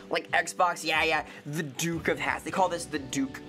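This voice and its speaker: A woman's voice: deep voice, measured pace, pushed and bright, soft background music. A woman streamer chatting casually while playing a game, talkative, laughing often and answering chat.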